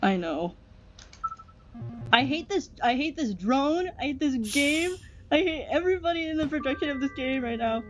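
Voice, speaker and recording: A woman's voice: high voice, animated, moderate pace. A young woman playing a video game, frustrated, swearing and laughing at her own failures. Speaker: gamer. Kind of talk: casual gameplay commentary. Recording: dull lo-fi mic with game music. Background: game music.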